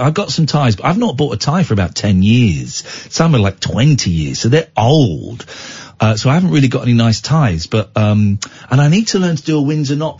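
A man's voice: medium pitch, a little mellow, slightly rough. A man hosting a late-night radio show with an English accent, bantering and teasing his co-host and callers. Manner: teasing, playful. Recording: dull radio broadcast sound.

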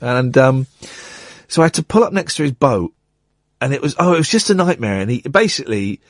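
A middle-aged man hosting a radio show, telling an anecdote with lively acted-out quotes. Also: mid-range voice, a little fast, no echo, clean studio sound. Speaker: radio host.

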